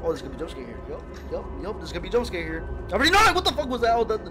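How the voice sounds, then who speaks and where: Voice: medium pitch, wildly swooping pitch, racing. Jumpy swearing horror game streamer. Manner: jumpy, swearing, shouting in fright. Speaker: gaming streamer. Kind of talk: horror gameplay commentary. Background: game music.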